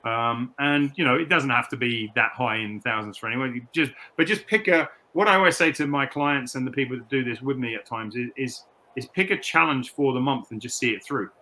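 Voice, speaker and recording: A man's voice: medium pitch, a little fast, sharp tone. A middle-aged man from the United Kingdom, a personal trainer, talking reflectively in a candid interview, often repeating words and restarting sentences.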